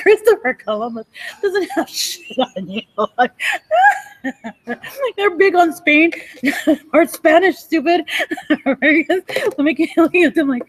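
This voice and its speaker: A woman's voice: high voice, expressive, a little slow, pauses often, rough recording. Giggly, rambling woman in her forties. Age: 40s. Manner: rambling, profane, breaks into giggles often. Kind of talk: rambling monologue.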